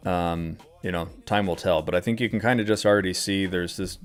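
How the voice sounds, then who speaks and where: A man with a low-pitched voice talks a little fast against soft background music. Hosting a live trading stream, he rants casually about the market, using lots of filler words, swearing and sounding exasperated.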